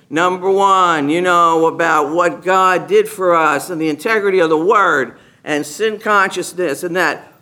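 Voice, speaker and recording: Man with a high, bright voice; lively testimony speaker who plays out dialogue and laughs often. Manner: animated storyteller, acts out other people's lines; laughs often while talking. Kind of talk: personal testimony told to a live group. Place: meeting room with a gathered group.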